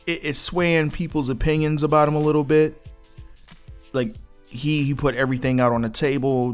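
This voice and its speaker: A man hosting a solo podcast, chatting casually and with amusement as he recounts gossip. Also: medium pitch. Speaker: podcast host.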